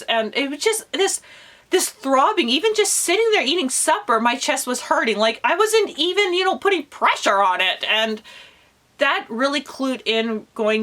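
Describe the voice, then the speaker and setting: A woman's voice: fairly high pitch, expressive, a little slow, fairly bright tone. A woman around forty, talking candidly in a personal vlog with lots of casual fillers. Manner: chatty and candid, with many fillers such as "like" and "you know". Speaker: homesteading vlogger.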